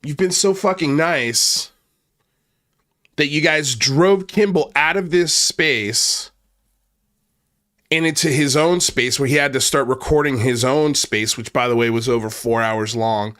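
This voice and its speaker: A man with a mid-pitched voice delivers a heated commentary rant. He swears freely and sounds worked up, now and then tripping over the start of a line. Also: unhurried, fairly bright tone. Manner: angry, profane, ranting; repeats himself and restarts when worked up. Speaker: commentary channel host.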